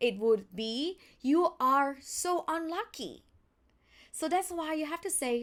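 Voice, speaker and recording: A young woman with a Thai accent teaching a language lesson, slowing right down to sound out each tone. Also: sits high, animated. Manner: slow, careful, drawn-out tone demonstrations.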